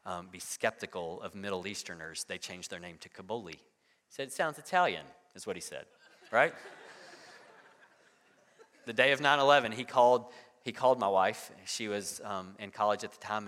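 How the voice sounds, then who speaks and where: A man's voice: sits low, pushed and bright. A man in his thirties preaching a sermon in a conversational way, often repeating words and asking "right?". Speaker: pastor. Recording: long hall reverb.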